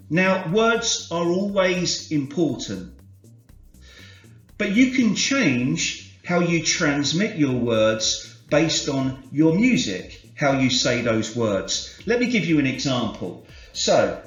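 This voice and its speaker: Male corporate trainer, slow measured delivery, a bit high-pitched, roomy room sound. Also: sing-song. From United Kingdom. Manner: measured, explanatory, demonstrates with varied inflection. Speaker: sales trainer. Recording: roomy, slightly dull, soft music behind.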